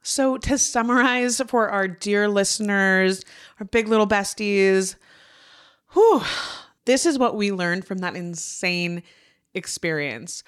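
Woman host, 30s, casual podcast chat, emotional and profane, clear polished tone. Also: medium pitch, animated, takes it slowly. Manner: heartfelt, swears freely, near tears.

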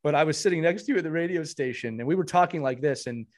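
A man hosting a hockey podcast, chatting casually and warmly, with frequent restarts and repeated words. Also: fairly high pitch, quick pace. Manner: warm, rambling, many restarts. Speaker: podcast host.

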